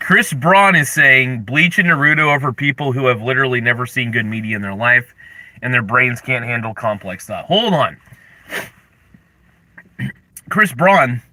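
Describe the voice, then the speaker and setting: A young man hosting a casual livestream, ranting in mock anger and chatting with viewers, with sudden loud outbursts. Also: mid-range voice, dry recording. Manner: animated, mock-angry rants with sudden yelled bursts. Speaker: livestream host.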